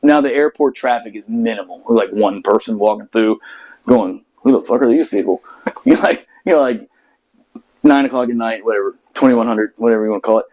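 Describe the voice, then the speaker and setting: A man's voice: lowish voice, brisk, a little mellow, highs cut off. A man from the United States telling a long story in casual chat, profane and rambling, with many restarts. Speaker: podcast host telling a story.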